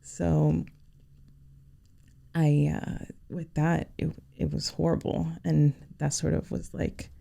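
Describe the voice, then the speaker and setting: Woman guest on a podcast telling her story, super creaky low voice, kinda halting, lots of you knows. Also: level tone, dark tone. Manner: sincere, halting, many "you know" fillers. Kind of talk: personal storytelling.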